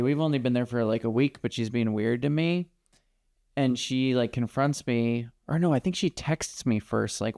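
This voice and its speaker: A man's voice: mid-range voice, gravelly, a little mellow, clear, resonant tone. A man co-hosting a podcast, sharing an anecdote in casual conversational storytelling. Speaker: podcast co-host.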